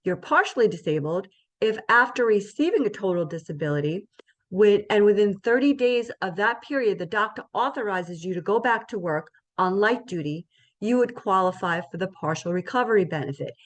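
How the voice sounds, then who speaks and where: Woman presenter, mid pitch, conversational explainer style, often checks in with her audience. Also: expressive, fairly quick. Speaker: insurance presenter. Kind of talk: educational presentation.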